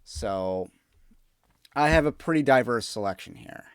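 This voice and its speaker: A man's voice: medium pitch, lively intonation, unhurried, clean tone, no echo. Emphatic man with a dry, close sound. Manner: opinionated, emphatic and digressive. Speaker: podcast host. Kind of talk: political commentary monologue.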